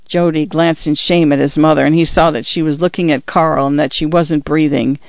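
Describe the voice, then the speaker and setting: A man's voice: fairly high pitch, vocal fry, no echo. Man reading an audiobook on a dull, dry track. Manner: measured, even. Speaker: narrator. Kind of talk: audiobook narration.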